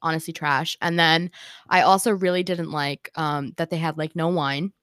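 A young woman co-hosting a podcast, animated and teasing in casual chat, with loud laughter. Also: deep voice, normal speed, no echo, clean studio sound. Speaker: podcast co-host.

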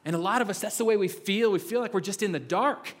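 A middle-aged male pastor with a high voice, preaching in a relaxed, chatty way that mixes self-mocking stories with repeated phrases. He often stumbles and restarts mid-sentence. His voice rings with the long reverb of a large hall. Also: quick pace. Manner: conversational, self-mocking storytelling with many restarts. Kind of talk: sermon.

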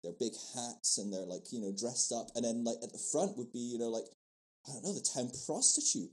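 A man's voice: mid-range voice, a little fast, mellow, low-quality recording. A man in his thirties with a mixed Scottish, English and American accent talks easily as a podcast guest. He tells stories in a loose, chatty way, laughing often and restarting his sentences. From Scotland. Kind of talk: casual conversational storytelling.

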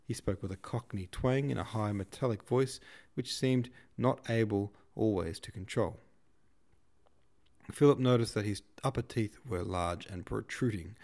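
A man hosting a podcast, reading a classic novel aloud in a steady, measured way. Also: lowish voice. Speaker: podcast host and reader.

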